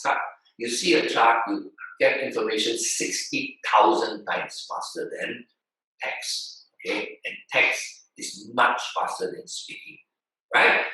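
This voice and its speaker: Male pastor, preaching, animated with rhetorical asides; slightly high voice, recorded from afar. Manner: animated, exclaiming, rhetorical questions. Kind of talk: sermon. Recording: echoey hall, far from mic.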